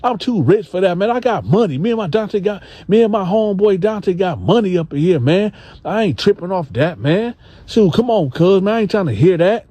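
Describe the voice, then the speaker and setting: A man voicing a hotheaded, boastful male inmate who talks loud and confrontational. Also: expressive, brisk, no room sound. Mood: dismissive. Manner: pitched up high, loud and confrontational.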